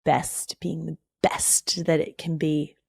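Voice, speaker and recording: A woman's voice: low-pitched, slow pace, vocal fry, slightly rough, dry recording. Podcast host, woman in her thirties: blunt, candid, salty-mouthed, close dry studio sound. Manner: blunt, swears freely, animated when reading segments. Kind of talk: casual podcast chat.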